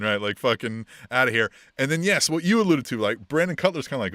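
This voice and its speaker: A man's voice: a little high, very animated, fast talker, fairly bright tone, dry recording, studio quality. A man co-hosting a wrestling podcast in casual chat, swearing freely and acting out what people said in mock voices. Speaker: podcast co-host.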